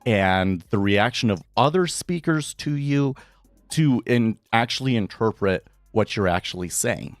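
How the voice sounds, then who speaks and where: A man's voice: on the low side, expressive, unhurried, dry recording. Rambling man on a live trading stream. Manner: rambling, restarts, thinks aloud. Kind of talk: casual live-stream commentary.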